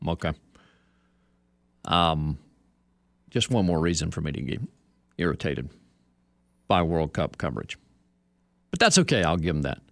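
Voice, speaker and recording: A man's voice: very deep voice, lively intonation, unhurried, gravelly, long pauses, fairly bright tone, no room sound. A man hosting a sports radio show, chatting casually and wryly, reading copy aloud with playful emphasis. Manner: wry, reads copy aloud with exaggerated emphasis. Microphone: studio microphone.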